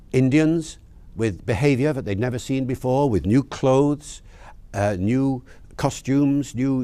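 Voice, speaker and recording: A man giving a lively explanatory talk, putting rhetorical questions to his listeners and repeating key words for emphasis. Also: medium pitch, no echo. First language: English. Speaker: lecturer. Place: lecture or talk in Serbia.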